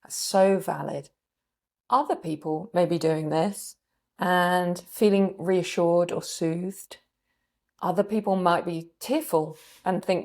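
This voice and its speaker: A woman coach gently guiding a calming practice, sighing often, her throat a bit scratchy. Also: fairly low pitch, slow pace. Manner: gentle, permissive guiding with frequent sighs. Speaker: recovery coach. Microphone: desk mic on a video call.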